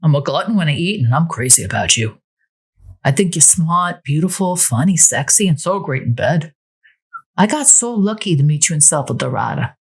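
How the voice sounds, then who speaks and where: Woman reading a lovestruck man, earnest, pleading, husky, animated. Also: deep voice, normal speed, exaggerated voice.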